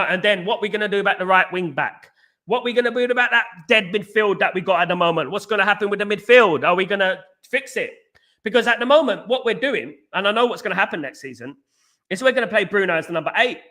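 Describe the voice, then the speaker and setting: Fast-talking excitable man. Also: high voice. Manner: talks fast and excitedly, many restarts, says mate. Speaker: show host reading viewer comments. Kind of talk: fast casual live chat.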